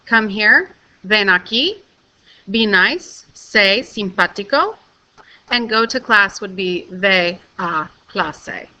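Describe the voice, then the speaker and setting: Bright-voiced woman teaching a video lesson. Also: medium pitch, expressive, slow pace, rough recording. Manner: clear step-by-step instruction, frequent "okay?" checks. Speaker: Spanish teacher.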